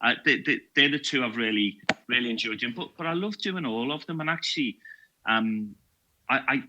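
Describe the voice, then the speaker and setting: A man's voice: medium pitch, animated, brisk, pushed and bright, lo-fi sound. A man, a podcast guest and security trainer, chatting casually in a jokey, self-deprecating way. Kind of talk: casual chat.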